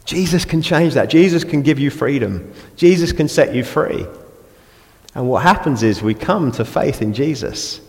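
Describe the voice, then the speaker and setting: An English man preaching a lively sermon in a church, slipping into the voices of grumbling or praying people as he goes. His medium-pitched voice rings out with a long hall echo around it. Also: moderate pace.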